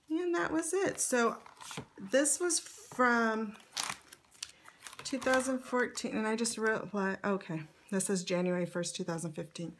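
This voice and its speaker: A middle-aged woman with a mid-range, fairly bright voice pages through her scrapbook in a casual show-and-tell vlog, using lots of fillers and light laughs. There's slight background noise.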